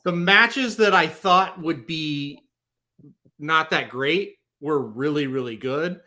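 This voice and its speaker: A man's voice: fairly high pitch, takes it slowly, bright, forceful tone. A young man hosting a casual sports podcast, chatting eagerly through a recap with frequent ums. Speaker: podcast host.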